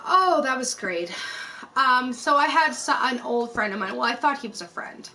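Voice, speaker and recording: A woman's voice: high-pitched, expressive, normal speed, sharp tone, rough recording. A woman rambling through a personal story in casual chat, swearing freely and acting out what people said. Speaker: YouTube host.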